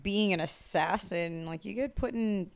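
A woman's voice: mid-range voice, a little slow. A woman co-hosting a casual podcast, cracking jokes and giggling. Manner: joking, giggly. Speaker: podcast co-host.

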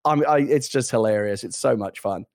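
A man's voice: medium pitch, moderate pace, no echo, studio quality. A middle-aged British man chatting on a podcast, telling stories animatedly with frequent laughs and restarts. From Britain. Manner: animated storyteller, laughs often, many restarts. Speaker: podcast co-host. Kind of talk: casual chat.

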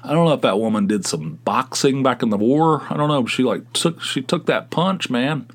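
A middle-aged man from West Virginia, a podcast host, telling rambling, animated stories with chuckles in a casual style. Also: mid-range voice, normal speed. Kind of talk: casual anecdotal storytelling.

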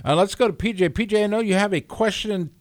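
A man's voice: sits high, fast talker, no echo, clean studio sound. A man hosting a sports talk radio show, giving playful, hyped-up introductions.

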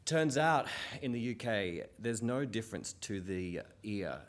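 An Australian man, a comedian, chatting casually and telling stories in a relaxed way that trails off quietly. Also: on the low side, a little slow. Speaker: comedian, guest. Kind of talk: casual chat.

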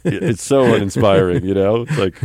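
A man's voice: fairly low pitch, animated, moderate pace, darkish tone, no room sound. A man co-hosting a podcast, chatting casually and wryly picking apart a song's performance. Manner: wry, opinionated, mock-sings quotes. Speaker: podcast co-host. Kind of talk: casual music review chat.

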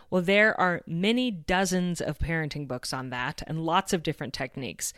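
Woman, 30s, podcast host; low-pitched, earnest and reflective, dry studio sound. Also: moderate pace, hardly any pauses, a bit bright, no room sound. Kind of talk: scripted podcast monologue.

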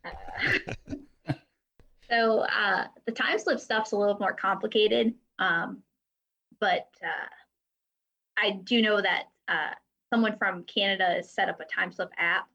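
A woman's voice: medium pitch, fairly even intonation, measured pace, long pauses, pushed and bright, lo-fi sound. A woman guest talking casually about her work, chatty, with lots of fillers. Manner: chatty, with frequent fillers and light laughs. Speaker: guest from a drag racing timing system company. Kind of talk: casual interview chat.

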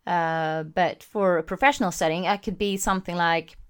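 Here a podcast host chats casually from a home recording setup that doubles as a live stream. Her voice is smooth, lowish and moderately paced, and she's animated, giving shout-outs to people watching live.

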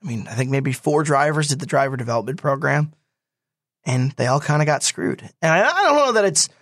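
Young guy telling a story, slightly high voice, quotes people as he goes, dry sound. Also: no echo. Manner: animated, quotes people in quick asides. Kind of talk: casual storytelling.

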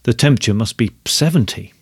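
A man voicing a coarse, arrogant, fat male letter-writer who talks in a pompous, hurried way, in a storybook reading. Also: mid-range voice, lively intonation, husky, no room sound, studio quality.

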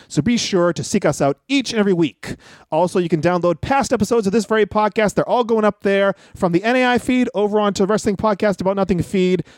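A man's voice: high voice, no room sound, clean studio sound. A man co-hosting a wrestling podcast, chatting casually and playfully, running promos and jokey impressions. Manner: playful, doing goofy impressions. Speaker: podcast co-host.

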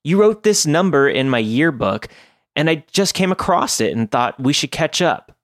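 A man's voice: a little high, sing-song, no room sound, studio quality, pitched above the performer's own voice. A man voicing a chirpy, pushy young woman caller who gushes and fires off prying questions. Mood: insistent. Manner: gushing, rapid-fire prying questions.

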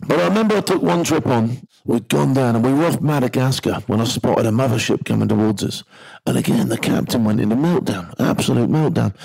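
A middle-aged man with a gravelly, creaky voice at an ordinary pitch tells of his days as a maritime security guard. He spins the story bluntly and vividly, building tension and dropping the odd casual swear word. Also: expressive, quick pace, a little mellow, poor audio. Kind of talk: first-person storytelling.

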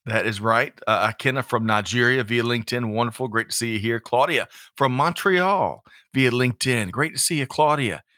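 A man's voice: mid-range voice, normal speed, few pauses, pushed and bright, no room sound, studio quality. A man co-hosting a live business show, chatting casually and greeting the audience. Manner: folksy, reads out audience greetings. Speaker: livestream co-host.

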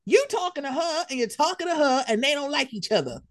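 Blunt, profane high-voiced woman. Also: big pitch swings, quick pace. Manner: slips into mocking impressions of others. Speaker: podcast co-host. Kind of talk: casual gossip chat.

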